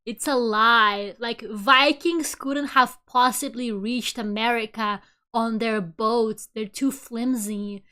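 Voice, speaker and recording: A woman retelling her father's words, voicing a stubborn, skeptical middle-aged dad who talks slowly and flatly. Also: fairly high pitch, voice pushed down. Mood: dismissive.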